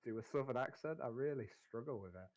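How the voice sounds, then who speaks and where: A man's voice: mid-range voice, quick pace, darkish tone, no room sound, poor audio. A man running a tabletop game and checking rules as he goes, often stopping and restarting. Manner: hesitant, lots of restarts while checking rules. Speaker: game master.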